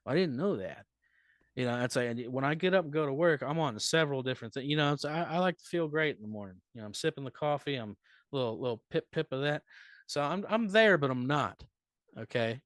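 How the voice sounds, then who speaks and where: A man telling a profane, rambling comic story as a comedian guest on a live podcast, swinging between loud bursts and mutters. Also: mid-range voice, fast, no room sound, studio quality. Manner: animated, profane, rambling anecdote with big swings in loudness.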